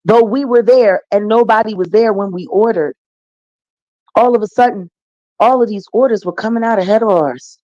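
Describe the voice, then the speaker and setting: A woman's voice: mid-range voice, a little mellow, no echo, poor audio. Combative middle-aged woman, dry close sound, profane guest storyteller. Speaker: interview guest. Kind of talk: profane phone interview.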